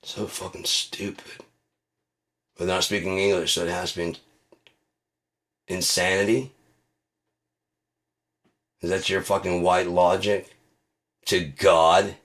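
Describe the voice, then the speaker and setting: A man's voice: low-pitched, flat delivery, measured pace, pauses often, a bit bright. A man hosting his own channel, delivering a profane, heated, mocking rant. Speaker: channel host. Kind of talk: ranting monologue.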